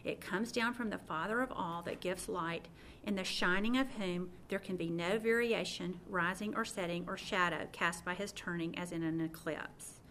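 A woman's voice: on the low side, moderate pace, a bit bright, slight background noise. A middle-aged woman teaching from the Bible in an earnest, personal way, often restarting her sentences.

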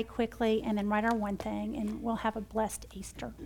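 Mom type teaching bible study, bit gravelly, slightly higher voice, swings from excited to hushed. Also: female voice, normal speed, hardly any pauses. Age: middle-aged. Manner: warm storytelling, shifts between excited and hushed. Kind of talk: devotional teaching and prayer.

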